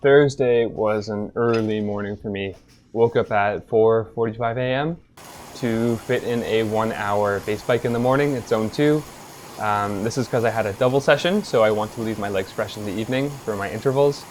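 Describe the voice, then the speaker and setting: A young man narrating his training week as a vlogger in a relaxed, chatty way, with light chuckles now and then. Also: fairly low pitch, moderate pace, a little hiss or hum. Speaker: vlogger, triathlete. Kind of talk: casual voice-over narration.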